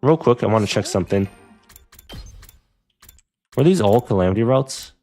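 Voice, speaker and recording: A man playing a visual novel and reading its dialogue aloud, with quick, offhand commentary over faint music. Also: fairly low pitch, lively intonation, a little mellow. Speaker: let's play gamer.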